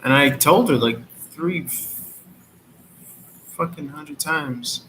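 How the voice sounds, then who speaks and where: A man's voice: medium pitch, fairly even intonation, background noise. A man hosting a casual tarot livestream, joking and mocking with a lot of profanity and laughter. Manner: counts slowly aloud. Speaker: tarot reader and livestream host.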